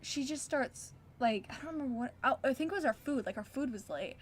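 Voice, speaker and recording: High-voiced young woman ranting animatedly. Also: fast, husky. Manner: animated ranting storyteller, quotes people in character. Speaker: retail worker. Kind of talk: casual chat.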